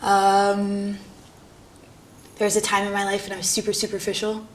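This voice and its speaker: Young new girl, art student, jokey and sweary, laughs a lot, bit of low rumble in the background. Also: monotone, normal speed. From New York. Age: young adult. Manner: irreverent, self-mocking, laughs often, swears casually. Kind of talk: candid documentary interview.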